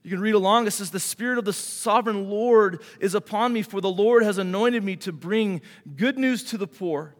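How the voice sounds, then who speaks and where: A man's voice: sits high, moderate pace, few pauses. A man preaching a sermon in a conversational way, asking the congregation rhetorical questions and calling for an amen. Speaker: pastor. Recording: hall reverb.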